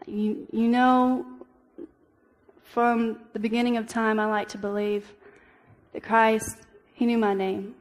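A young woman delivering a church devotional gives a personal testimony, earnest and halting, with many ums and restarts. Her slightly high voice stays flat and level, with little rise and fall. A hall's long reverb lets her words ring on.

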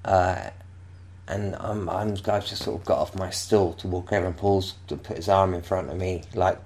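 A man from England with a very low, gravelly voice tells a long, meandering story. He keeps stopping and restarting his sentences and breaks into laughter as he talks. His speech is loose and relaxed, like casual chat. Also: normal speed. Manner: rambling, self-interrupting, laughing storyteller. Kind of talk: casual anecdote.

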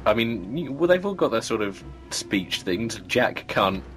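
A man's voice: mid-range voice, very animated, a little slow, fairly bright tone, soft background music. A man in casual chat about a TV show, talking thoughtfully with hesitant restarts.

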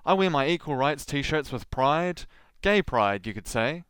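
A man's voice: fairly high pitch, sing-song, a little slow, a bit bright, clean tone, no echo. A man delivering dry, sardonic scripted commentary as host. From Southland, New Zealand. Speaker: podcast host.

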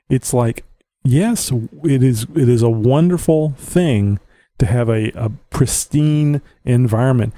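Speaking into a home podcast mic with no room sound, this man with a Southern US accent hosts his show in a loose, rambling monologue. His voice is medium in pitch and dark in tone, and he's opinionated and blunt, chuckling quietly to himself.

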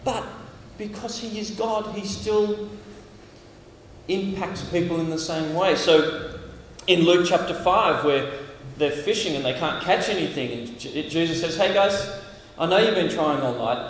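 A high-voiced Australian man preaches in a large, echoing hall, his voice carrying a long reverb. He is animated and dramatic, switching into little acted voices for the figures in his passages. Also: moderate pace, slight background noise. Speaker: camp speaker. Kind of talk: sermon. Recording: echoey hall, heard from a distance.

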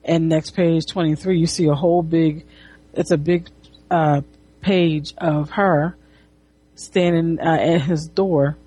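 A woman's voice: deep voice, fairly even intonation, slow pace, mellow, breathy edge. A woman casually retelling a comic book, rambling with restarts and swearing. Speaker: comic reviewer.

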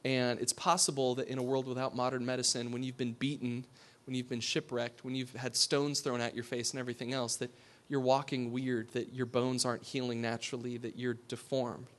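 Preaching a sermon a little fast with few pauses, this pastor has a mid-range voice and a level tone. His style is conversational, posing questions to the audience and lowering to a hush to emphasize points.

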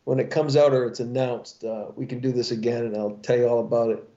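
A man's voice: medium pitch, little pitch movement, quick pace, warm tone. A middle-aged man, a voice actor, chatting in an interview in a rambling, playful way and often restarting his sentences. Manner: rambling, self-correcting, playful. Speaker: voice actor guest. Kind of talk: casual interview chat. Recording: dull lo-fi sound.

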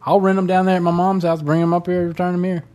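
Young guy with a higher voice, ranting casually, kinda exasperated. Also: flat delivery, fast talker, darkish tone. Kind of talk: casual chat.

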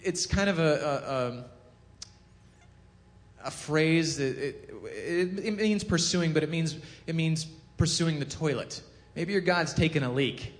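Male preacher, casual sermon, animated storyteller, acts out quotes, self-correcting, long hall echo. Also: a little high, moderate pace. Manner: self-corrects, chuckles at own jokes.

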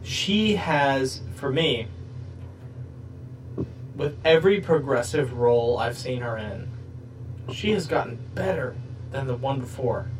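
A man's voice: medium pitch, expressive, slow pace, pauses often, far from the mic, poor audio. A man hosting a casual podcast, joking crudely and rambling from one bit to the next. He sits a little back from the mic, and a faint hum runs under his voice. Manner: jokey, rambling, crude humor. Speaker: podcast host. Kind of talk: casual comedic chat.

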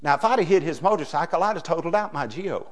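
Animated preacher man. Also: on the high side, fast. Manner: folksy preaching with wide swings from hushed to loud. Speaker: pastor. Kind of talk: sermon.

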